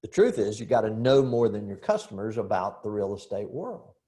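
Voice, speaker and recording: A middle-aged man training real estate agents in a seminar, telling lively stories, acting out dialogue and putting rhetorical questions to the audience. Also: fairly low pitch, brisk. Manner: animated storyteller who acts out dialogue and asks rhetorical questions.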